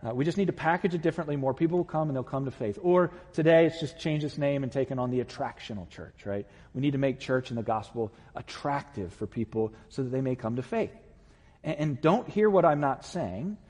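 A male pastor giving an impassioned sermon, building to loud, emphatic peaks. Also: medium pitch, animated, fairly quick, in a large hall. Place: church sanctuary.

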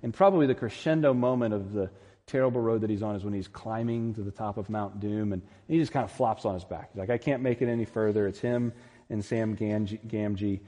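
A man's voice: fairly low pitch, steady tone, a little fast, dark tone. A man preaching a sermon as pastor, earnest and emphatic, building to peaks. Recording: long reverb in a large hall.

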